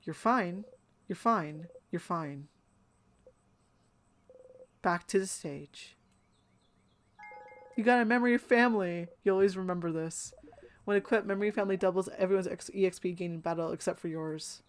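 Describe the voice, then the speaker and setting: A woman's voice: medium pitch, a little fast, a little hiss or hum. A woman streaming a story game, reading its dialogue and narration aloud expressively and reacting with her own comments. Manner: reads dialogue expressively, reacting between lines.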